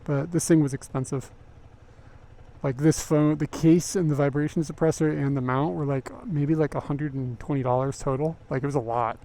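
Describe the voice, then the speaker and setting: A man's voice: on the high side, steady tone, normal speed, dark tone. Chatty young man on a helmet mic. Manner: rambling and chatty, many fillers, laughs easily. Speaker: livestreamer. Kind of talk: casual live-stream chat while riding. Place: outdoors on a motorbike at night in city streets. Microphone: helmet-mounted mic. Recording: faint traffic noise behind.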